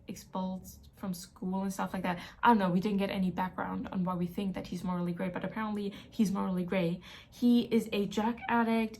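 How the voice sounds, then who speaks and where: A woman book vlogger chatting casually as she sums up a mystery novel, playful and self-mocking. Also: mid-range voice.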